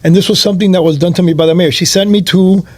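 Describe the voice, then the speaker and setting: A man hosting a casual chat, telling an animated story and acting out the other people's voices. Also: high-pitched, racing. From Miami area. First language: not Spanish first; speaks English and Spanish. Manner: animated, acts out voices in his stories. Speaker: host.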